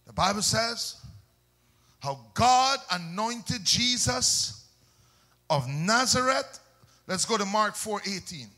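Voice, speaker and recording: A male preacher with a high-sitting, expressive voice delivers a fiery sermon at a slow pace with frequent pauses. He swings between loud shouts and soft asides and uses call-and-response questions.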